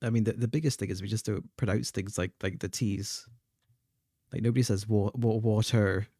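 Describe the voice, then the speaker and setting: A man's voice: lowish voice, fairly even intonation, normal speed, mellow, no echo, clean studio sound. A young man chatting casually while he plays a game, stumbling over and repeating his words. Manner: chatty, stammers and repeats words, laughs often. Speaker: gaming streamer. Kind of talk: casual chat while playing.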